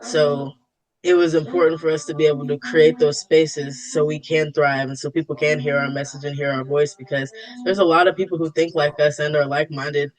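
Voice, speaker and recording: Calm woman with a steady, even voice. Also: low-pitched, brisk, dry recording, poor audio. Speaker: guest musician. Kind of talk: casual podcast conversation.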